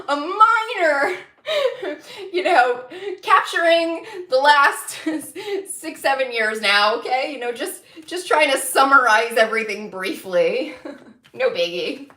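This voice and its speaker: A woman's voice: high-pitched, very animated, slow pace, bright, forceful tone, roomy sound. A woman doing a livestreamed tarot reading, venting angrily with lots of swearing and breaking into laughter. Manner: angry, profane venting broken by laughter. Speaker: tarot reader.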